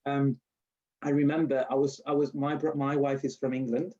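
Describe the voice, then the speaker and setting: A man's voice: medium pitch, normal speed. A man with a Spanish accent telling stories in a casual interview, acting out quotes and often restarting his sentences. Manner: animated storyteller, acts out quotes, laughs often, restarts and self-corrects. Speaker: university lecturer and nurse interviewee. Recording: dull lo-fi recording.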